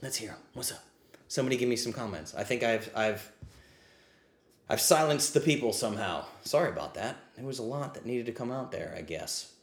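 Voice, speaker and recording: A man's voice: mid-range voice, animated, fairly quick, reverberant. A man hosting a livestreamed ask-me-anything, talking in an impassioned, blunt and profane rant. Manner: riled up, says he is getting heated. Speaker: podcast host answering live questions.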